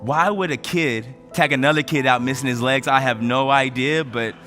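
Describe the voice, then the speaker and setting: A man's voice: mid-range voice, normal speed, faint music behind. A man in his thirties from the United States giving a motivational speech, telling stories with rising energy. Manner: energetic storytelling, voice rising with emotion. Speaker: motivational speaker.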